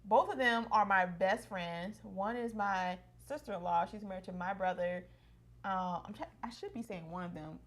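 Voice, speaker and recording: A woman in her thirties talking in a relaxed, chatty way at an everyday pitch, warm toward the person beside her. She rambles easily from memory to memory. Her voice softens when she gets sentimental. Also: moderate pace. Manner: chatty, affectionate, emotional at times, frequent laughs. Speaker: co-host of a couple's channel. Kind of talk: casual reminiscing chat.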